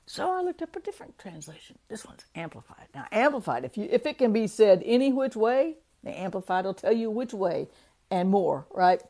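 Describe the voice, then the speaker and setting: A woman giving a casual devotional talk, chatty, laughing often and slowing down to read verses. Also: medium pitch, big pitch swings, dark tone. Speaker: devotional speaker.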